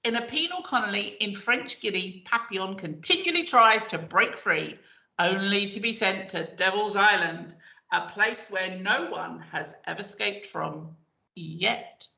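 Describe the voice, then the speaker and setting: Chatty radio co-host woman, bit of fry in her voice, bright tone, roomy echo. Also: mid-range voice. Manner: chatty, reads synopses slowly and dramatically. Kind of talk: casual chat. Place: local radio studio.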